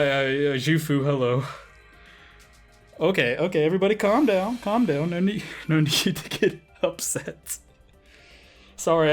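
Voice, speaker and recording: A man commenting on his gacha rolls, getting excitable, swearing and pleading with the game. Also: medium pitch. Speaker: game streamer.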